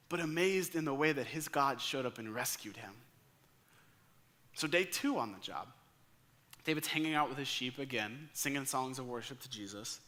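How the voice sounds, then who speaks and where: A young man preaching a sermon as staff pastor, telling the story in an animated way and acting out the characters' thoughts and lines. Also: on the high side.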